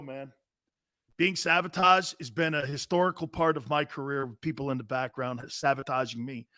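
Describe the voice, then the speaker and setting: Brash, high-voiced man hosting a sports show. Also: no echo, studio quality. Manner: brash, loud, joking, quick shout-outs. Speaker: sports talk show host. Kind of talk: casual talk show, reading live chat.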